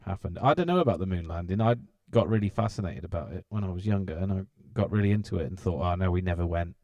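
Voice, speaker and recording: Lowish-voiced British man joking around. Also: expressive, fast, mellow, dry recording. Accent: British English. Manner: joking, laughs often, teasing. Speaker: podcast co-host. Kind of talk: casual chat.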